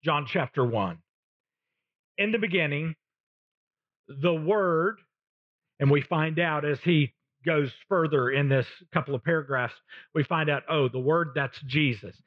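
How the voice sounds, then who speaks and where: A man preaching a sermon as a pastor, slow and emphatic, pausing between short phrases. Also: fairly high pitch, no echo, lo-fi sound.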